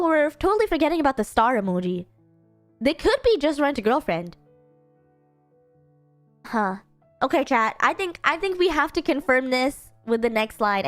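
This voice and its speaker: A woman hosting a live stream, chatting casually and thinking aloud to her chat. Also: high-pitched. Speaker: streamer hosting an anime guessing game.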